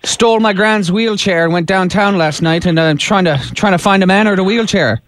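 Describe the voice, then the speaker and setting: Man putting on a raised put-on Irish voice, rambling prank caller, quick patter. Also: sits high, a bit bright, dry recording, voice pushed up. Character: fake Irish man hunting his brother-in-law.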